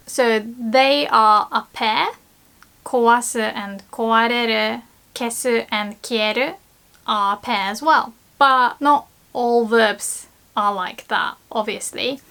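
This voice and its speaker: A woman whose first language is Japanese, teaching grammar in English with a slow, patient manner, repeating example words with lifted emphasis. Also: on the high side, fairly bright tone. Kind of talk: casual explanatory lesson.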